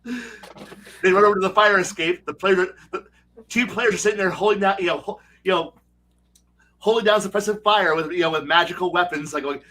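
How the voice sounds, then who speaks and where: A man telling game master stories in casual livestream chat, excitable and rambling, with frequent swearing. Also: sits high, fairly quick, slight background noise. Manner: excitable, rambling, profane storytelling. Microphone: streaming setup mic.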